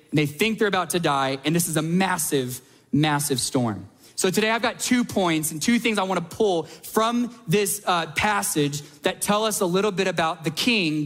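A man in his thirties delivers a sermon in a fairly high voice. He tells everyday stories with energy and acts out quick asides as he goes. The sound carries a long reverb, as from a large church hall. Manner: energetic storytelling with acted-out asides. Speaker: pastor.

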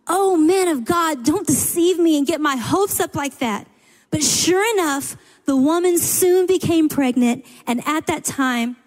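A woman's voice: sits high, darkish tone. A woman preaching a sermon, retelling a scripture story in an earnest, emphatic way, speaking into a microphone. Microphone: handheld microphone. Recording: reverberant hall.

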